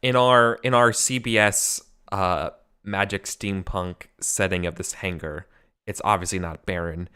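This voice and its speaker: A man's voice: low-pitched, fairly even intonation, unhurried, pushed and bright, smooth. A man playing a tabletop game, describing the scene and his character's actions in a chatty way. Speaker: player.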